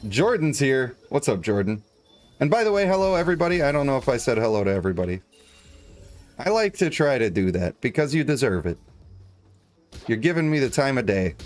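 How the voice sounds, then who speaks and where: A man's voice: mid-range voice, a little mellow. A man streaming a video game, chatting in a jokey, rambling, playful way. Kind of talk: casual live game commentary.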